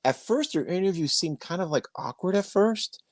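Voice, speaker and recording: A man's voice: sits high, animated, normal speed, dry recording. A man hosting an interview podcast from his bedroom, talking emphatically in a rambling storytelling way, recorded on a phone. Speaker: podcast host. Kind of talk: casual interview chat. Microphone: iPhone.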